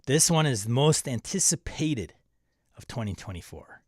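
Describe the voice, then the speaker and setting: Guy hosting a tabletop rpg stream, reading chat out loud and joking, dry close sound. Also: medium pitch, sing-song, moderate pace, dry recording. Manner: chatty, reads viewer comments aloud and jokes around. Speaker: livestream host reading chat. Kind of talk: casual chat.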